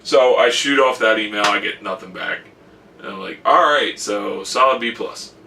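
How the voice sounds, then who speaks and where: A man's voice: lowish voice, normal speed, gravelly, sharp tone, recorded from a distance, slight background noise. A young man chatting casually about his college semester, telling stories with lots of quoted asides. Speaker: college student vlogger. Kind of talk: casual vlog chat.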